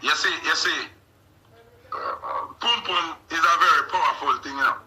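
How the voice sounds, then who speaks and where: A man's voice: fairly high pitch, moderate pace, low-quality recording. A man with a Jamaican accent talking casually on a radio show, telling stories in patois and often asking if you see him. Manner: animated patois storytelling, frequent "you see me?". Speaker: radio host. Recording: radio studio mic.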